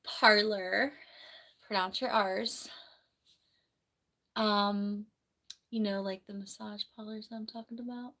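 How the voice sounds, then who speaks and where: A young woman from New Jersey, a nurse, chatting casually on a livestream from her bedroom, rambling and reading viewer comments aloud, her voice slightly hoarse from the flu. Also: medium pitch, flat delivery, a little slow, pauses often, fairly bright tone. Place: bedroom at home.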